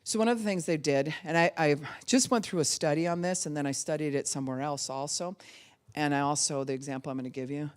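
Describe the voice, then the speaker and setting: A woman's voice: low voice, fast. A middle-aged woman, a pastor teaching in a sermon, telling stories and acting out little voices. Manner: animated storytelling, acts out voices of babies and dogs.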